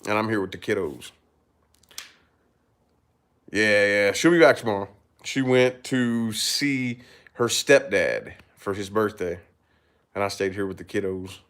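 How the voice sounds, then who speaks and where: A man's voice: fairly low pitch, a little slow, pauses often, a bit bright. Rambling, swearing man chatting casually. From Kentucky. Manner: rambling, swears a lot, laughs often. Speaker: YouTuber chatting with viewers. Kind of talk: casual livestream chat.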